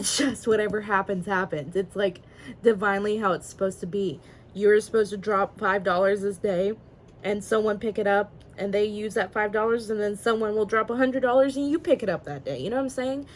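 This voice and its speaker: A woman's voice: mid-range voice, a little mellow, slight background noise, rough recording. A woman casually reading tarot cards aloud, chatty and rambling, with frequent fillers and giggles. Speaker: tarot reader.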